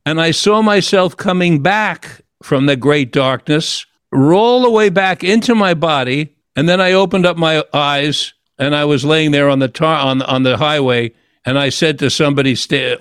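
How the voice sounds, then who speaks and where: An older man, the host of an interview, tells a long personal story in an earnest, reflective way. He often stops and restarts his sentences. His voice sits a little high and sounds dry and close. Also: moderate pace, a bit bright, smooth, dry recording.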